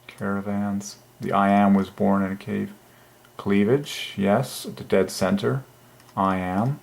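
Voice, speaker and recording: A man hosting his own channel, musing aloud at his computer in an enthusiastic, halting way with many fillers. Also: lowish voice, steady tone, creaky. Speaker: channel host. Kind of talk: religious numerology screen talk.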